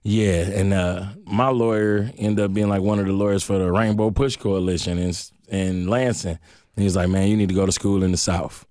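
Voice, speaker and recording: A middle-aged man from Detroit telling a story as a guest in a radio interview, slangy and animated, acting out the voices of the people in it. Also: low-pitched, a little fast, dry recording, clean studio sound.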